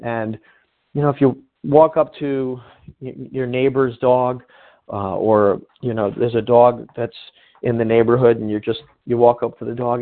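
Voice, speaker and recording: A man's voice: medium pitch, steady tone, moderate pace. A man giving informal coaching advice in a conversational way, often restarting his phrases. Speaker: sales coach. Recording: tinny phone-like sound.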